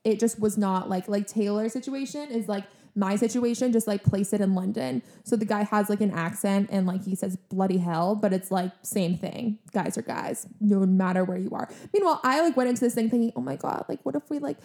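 A woman's voice: medium pitch, brisk, hardly any pauses. A young woman co-hosting a podcast, telling a story in casual chat, full of "like" and acted-out quotes. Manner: animated, heavy use of "like", acts out quotes. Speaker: podcast co-host.

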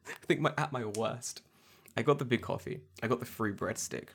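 An excitable man co-hosting a casual podcast. He laughs often and swears freely as he chats, in a voice of middling pitch. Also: moderate pace, gravelly, slight background noise. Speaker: podcast co-host. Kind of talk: casual chat.

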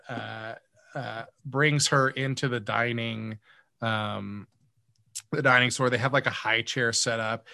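Rambling man recapping a sketch, bright. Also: medium pitch, creaky, dry recording, clean studio sound. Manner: rambling, many fillers and restarts. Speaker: podcast co-host. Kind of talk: casual chat recapping a comedy sketch.

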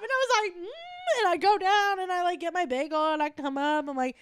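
High, dry-miked woman podcast host, animated comic storyteller. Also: fairly quick, dry recording. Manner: animated, laughing, quoting coworkers in voices. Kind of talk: casual comedic storytelling.

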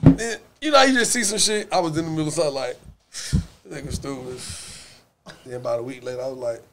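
A man in casual chat, telling stories in a lively, joking way with lots of swearing. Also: on the high side, very fast, background noise. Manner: animated, swearing, laughing storyteller. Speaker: podcast guest.

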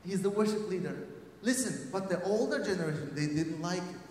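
A man's voice: sits high, lively intonation, a little fast, a little hiss or hum. Man preaching in an echoey hall. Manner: emphatic, swings from loud calls to hushed storytelling. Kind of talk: sermon with storytelling. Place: large hall.

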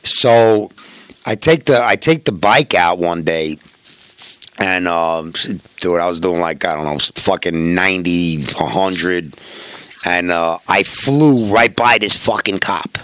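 A man's voice: low-pitched, slow pace, fairly bright tone, no echo. A middle-aged man, telling profane road stories in casual podcast chat and acting out the dialogue. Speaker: podcast guest.

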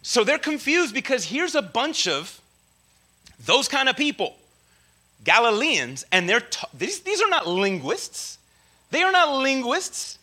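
A preacher leads a Bible study with a casual teaching sermon, speaking slangily and conversationally with many asides and check-ins to the audience. His very high voice is sing-song, bright and forceful, and he takes his time.

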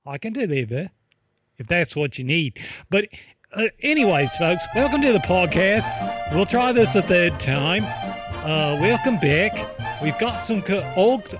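Speaking with a high voice, lively intonation and a measured pace, a man plays a bossy Australian podcast host in an improvised comedy sketch, scolding his co-host in a put-on Australian accent. Music plays in the background, and he's recorded on a close studio mic.

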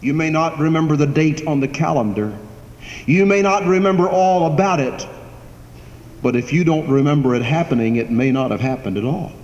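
In a church sanctuary, a male pastor with a fairly high, slightly mellow voice delivers a sermon at moderate speed, using a repetitive preacherly rhythm that rises into emphatic declarations. The sound is dull and echoey, with faint hiss behind it.

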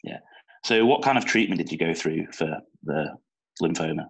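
A man's voice: rumbling low, animated, normal speed, gravelly, breathy edge, low-quality recording. A young man with a Manchester accent hosting a casual podcast interview, chatty and informal. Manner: chatty, informal, with small slips. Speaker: podcast host.

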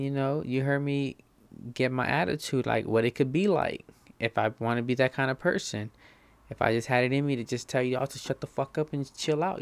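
A man's voice: mid-range voice, clean tone, no echo. A man hosting a comic monologue, rambling in slangy, profane talk.

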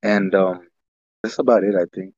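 Relaxed male co-host, husky and lowish, meandering casual talk, dull dry recording. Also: normal speed, no room sound. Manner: rambling, heavy use of "like", laid-back. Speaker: podcast co-host. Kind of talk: casual chat.

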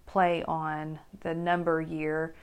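A middle-aged American woman co-hosting a casual chat with her husband, gentle and reflective, with many hesitations. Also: deep voice, completely flat delivery, takes it slowly, clean tone. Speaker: co-host, wife. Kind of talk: casual chat, poem reading.

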